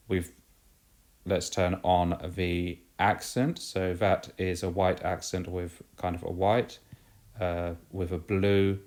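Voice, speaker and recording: Low, flat-voiced man explaining software. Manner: explains step by step with fillers and self-corrections. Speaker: video tutorial host. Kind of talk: screen-recorded software tutorial.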